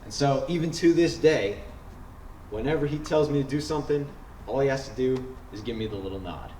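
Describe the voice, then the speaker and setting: A man's voice: mid-range voice, brisk, dark tone, slight background noise. Man telling a story in an echoey hall. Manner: wry, humorous, building suspense. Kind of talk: live personal storytelling. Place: stage in a large hall. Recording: echoey hall, picked up from a distance.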